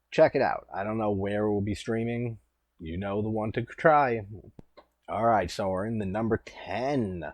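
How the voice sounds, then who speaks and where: A man's voice: sits low, dry recording, clean studio sound. A man in his thirties giving rambling, laid-back casual commentary as a host, swearing now and then. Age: 30s.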